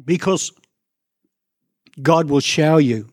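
A man preaches a sermon to his congregation in a church. His voice sits a bit high for a man and sounds dry and close to the mic. He keeps it conversational, with asides to people in the pews. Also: slow pace, no echo. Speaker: pastor.

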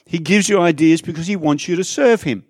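Pastor preaching a chatty sermon. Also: male voice, fairly high pitch, fairly quick, dry recording, clean studio sound. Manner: conversational, chatty asides to the congregation. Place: church in front of a congregation.

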